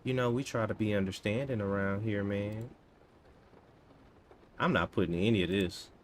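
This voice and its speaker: A man in his thirties casually chatting to himself and his viewers while coding, relaxed and slangy. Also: lowish voice, slight background noise. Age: 30s. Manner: laid-back, talks to himself, drawn-out slangy asides. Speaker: coding streamer. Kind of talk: casual live-stream chat while coding.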